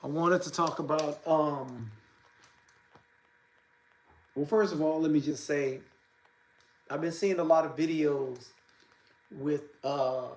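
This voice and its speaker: A man hosting a casual boxing livestream, talking haltingly with many fillers and restarts and greeting viewers by name. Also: a little high, steady tone, reverberant, low-quality recording. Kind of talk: casual live-stream talk.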